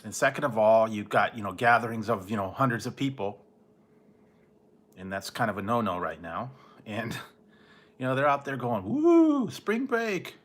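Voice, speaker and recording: A man's voice: lowish voice, normal speed, pauses often, fairly bright tone. Rambling laid-back man. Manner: rambling, laughs often, mimics people in goofy voices. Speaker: livestream host. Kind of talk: casual late-night livestream chat.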